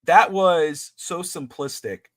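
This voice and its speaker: A man's voice: a little high, slow pace, no echo. Rambling man on a podcast. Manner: rambling, restarts sentences, acts out quotes. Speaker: podcast co-host. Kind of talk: casual chat.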